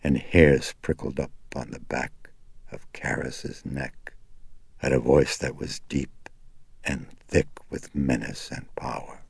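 Very deep, gravelly male narrator. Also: fairly even intonation, slow pace, no room sound. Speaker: audiobook narrator. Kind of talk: scripted horror narration.

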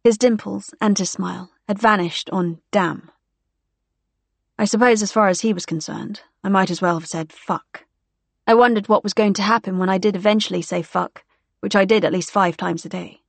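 A woman's voice: medium pitch, vocal fry, no echo. A woman narrating a story in the first person, in a wry, dry storytelling manner. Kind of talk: audiobook narration.

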